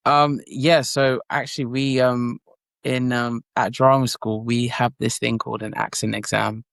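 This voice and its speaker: A young man who is an actor, talking casually in an interview with many fillers and lively retellings. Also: mid-range voice, a little slow, creaky, dry recording.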